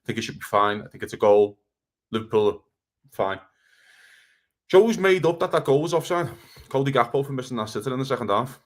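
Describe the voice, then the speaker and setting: A man in a casual football podcast, firing off a heated rant at a rapid clip. His voice sits at an ordinary middle pitch, and he swears freely as he argues. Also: expressive. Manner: fast, heated ranting with swearing. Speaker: podcast co-host.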